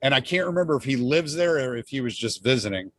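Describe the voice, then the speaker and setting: Easygoing rambling host. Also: male voice, medium pitch, lively intonation, quick pace, fairly bright tone, no echo. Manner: rambling, easygoing, laughs often. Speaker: podcast host. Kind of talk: casual podcast chat.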